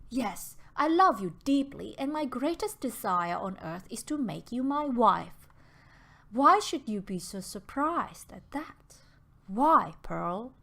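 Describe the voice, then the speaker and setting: A woman reading the lines of an earnest gentleman suitor in an audiobook, gentle and pleading. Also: a little high, sing-song, slow pace, gravelly, full character voice.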